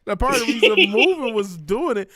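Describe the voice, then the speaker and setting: A man's voice: very high voice, big pitch swings, fairly quick, a crowd in the background. A young man streaming late at night, chatting casually in a rambling way, restarting his sentences often.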